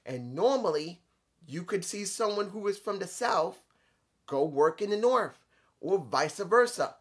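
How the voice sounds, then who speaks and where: A man giving a solo wrestling opinion rant, lecturing his viewers, repeating points and telling himself to calm down. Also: sits high, a little slow. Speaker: wrestling commentary vlogger.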